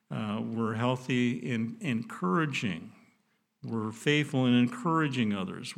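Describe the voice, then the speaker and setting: A middle-aged man preaching in a plain, mid-pitched voice. He speaks in an earnest, folksy way, restarting phrases as he builds toward a point. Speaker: pastor. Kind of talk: sermon.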